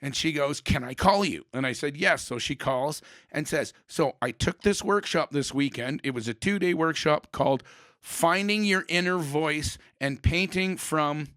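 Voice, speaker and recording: A man's voice: fairly high pitch, moderate pace, fairly bright tone, no room sound, clean studio sound. A man hosting a podcast, telling a rambling story in casual chat and swearing now and then. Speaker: podcast host.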